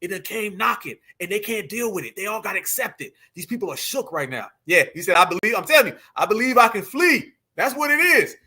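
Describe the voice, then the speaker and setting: Man, high pitch, sharp bright tone, animated mocking commentary. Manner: animated, mocking, laughing often. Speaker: commentary channel host. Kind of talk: reaction commentary.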